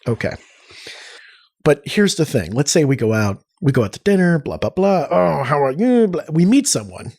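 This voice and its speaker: A man speaking as a podcast guest, telling stories casually in an animated way, with frequent restarts and acted-out quotes. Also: fairly high pitch, moderate pace, husky. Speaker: podcast guest, arts nonprofit cofounder. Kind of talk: casual conversational storytelling.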